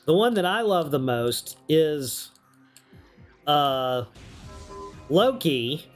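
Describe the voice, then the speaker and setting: A man's voice: fairly high pitch, sing-song, very slow, soft background music. A man from New York with a slight Southern drawl, chatting casually and swearing freely while streaming a video game. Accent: mild Southern drawl. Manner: chatty, profane, laughs often. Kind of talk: casual gameplay commentary.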